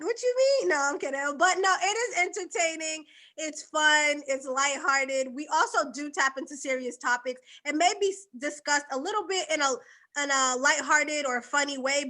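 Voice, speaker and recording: Woman podcast guest from Boston, high bright voice, lively joking chatter. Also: moderate pace. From Boston, USA. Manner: laughs easily, lively and joking. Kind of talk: casual podcast chat.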